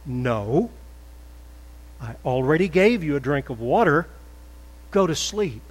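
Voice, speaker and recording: A man's voice: a little high, big pitch swings, slow pace, in a large hall, full character voice. A man playing a stern, impatient father. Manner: firm, impatient. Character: stern tired father at bedtime.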